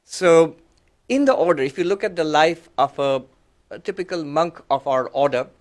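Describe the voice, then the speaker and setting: With a slightly high voice at normal speed, a monk talks reflectively to an audience. His delivery is conversational and full of fillers and restarts, and he lays out ideas patiently, step by step.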